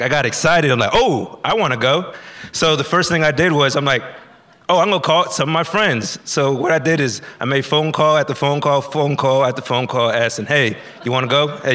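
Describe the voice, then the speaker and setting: A man's voice: mid-range voice, a bit bright. A man telling a personal story to a live audience in a casual, conversational way, acting out dialogue and using many fillers.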